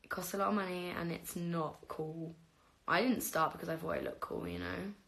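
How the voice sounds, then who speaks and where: A woman's voice: on the low side, fairly even intonation, moderate pace, creaky. A woman in her twenties chatting casually on a livestream, answering viewers with frequent laughs and the odd whispered aside. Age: 20s. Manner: giggly, chatty, drifts into soft whispers. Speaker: livestream host. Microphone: phone camera.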